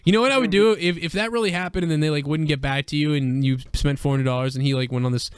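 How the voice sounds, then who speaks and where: A young man co-hosting a crude, rambling chat, often breaking into loud put-on voices. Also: fairly high pitch, steady tone, fast talker, clean tone, dry recording. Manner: rambling, slips into shouted wrestler impressions. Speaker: podcast co-host.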